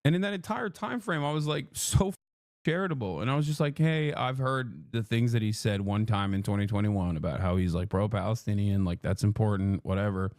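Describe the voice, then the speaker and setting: A man's voice: fairly low pitch, fairly quick, darkish tone, no room sound, clean studio sound. A man livestreaming a heated, profane rant. He keeps mocking his critics with sarcastic impressions. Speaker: political livestreamer. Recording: played clip inside a reaction stream.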